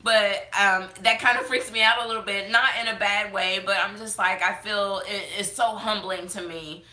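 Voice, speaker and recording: Bright-voiced tearful woman chatting. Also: mid-range voice, fairly even intonation, moderate pace, roomy sound. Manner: chatty, heartfelt, many fillers and restarts. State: tearful, fighting back crying. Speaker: beauty vlogger hosting a live chat. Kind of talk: casual live-stream chat reading comments.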